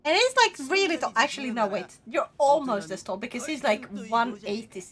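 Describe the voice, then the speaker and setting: Excitable high-voiced Swedish woman streamer. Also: a little fast. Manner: excitable, swears freely, loud bursts of laughter. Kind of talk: casual live-stream chat.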